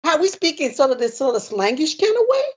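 A woman's voice: high voice, sing-song, quick pace, muffled recording. A woman in casual conversation, talking hesitantly and trailing off as she searches for words. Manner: hesitant, self-conscious, trailing off. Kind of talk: casual chat.

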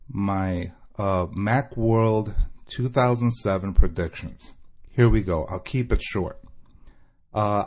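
A man's voice: fairly low pitch, a little mellow. A man from Michigan calling into a podcast, telling a sarcastic story. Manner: chatty, sarcastic. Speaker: caller leaving a voicemail.

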